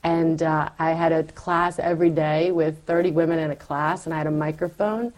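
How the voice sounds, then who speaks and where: A middle-aged woman telling her faith story in a candid, animated conversation, acting out her past self as she goes. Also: low-pitched, normal speed.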